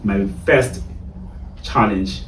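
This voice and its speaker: A man's voice: fairly low pitch, extremely slow, slight background noise. Xhosa-accented South African man telling stories. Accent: South African Xhosa English. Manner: animated, repeats phrases, many fillers. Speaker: barista trainer, guest. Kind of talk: casual storytelling chat. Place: in a car. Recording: roomy sound, mic at a distance, faint ambience.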